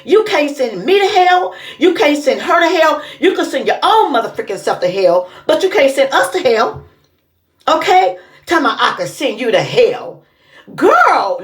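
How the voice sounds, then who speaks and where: A woman's voice: sits high, fairly bright tone. A woman giving casual reaction commentary, indignant and scolding in her delivery. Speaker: commentary vlogger.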